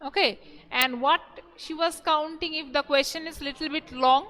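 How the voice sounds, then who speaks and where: Indian english teacher lady, bright high voice, slow and repeats everything, echoey hall sound. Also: fairly even intonation. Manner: slow, repeats each question several times. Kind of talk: online class lesson.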